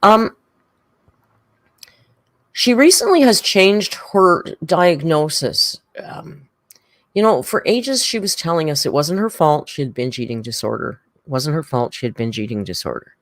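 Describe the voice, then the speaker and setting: Lively, dry-sounding livestream host. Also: medium pitch, no echo. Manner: rambling, chatty, reads out viewer comments. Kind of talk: casual reaction livestream.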